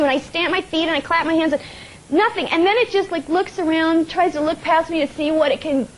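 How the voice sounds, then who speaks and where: A woman from the United States, a talk show guest telling stories in an animated, laughing way. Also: very high voice, brisk, a little hiss or hum, poor audio. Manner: animated storyteller, laughs often, acts out quotes. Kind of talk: casual chat, telling anecdotes. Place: TV studio with audience.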